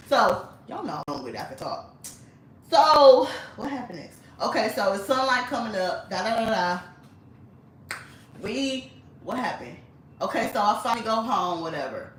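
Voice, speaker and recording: A woman's voice: medium pitch, sing-song, normal speed, slight background noise. Blunt woman in an echoey room. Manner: blunt, chatty, frequent swearing and laughter. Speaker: vlogger. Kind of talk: casual storytelling. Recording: echoey room, mic at a distance.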